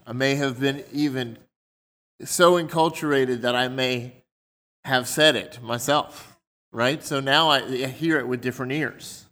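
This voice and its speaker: A man's voice: medium pitch, measured pace, sharp tone. A man preaching a sermon in a conversational way, explaining his points through everyday examples.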